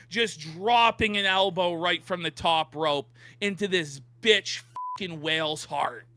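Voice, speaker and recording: A man with a high, lively, swooping voice tears into his target in a mocking, emphatic rant. His tone is bright and sharp, and the sound is close and dry. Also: a little slow, few pauses, no room sound. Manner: ranting, mocking, emphatic repetition. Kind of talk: heated commentary on online drama.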